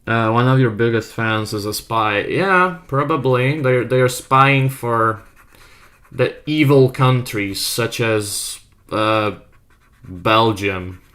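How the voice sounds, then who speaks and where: On a casual art live stream, a young man with a mid-range, slightly bright voice speaks at a slow pace in a self-made accent, English not being his first language. He reads the chat aloud and trolls viewers playfully.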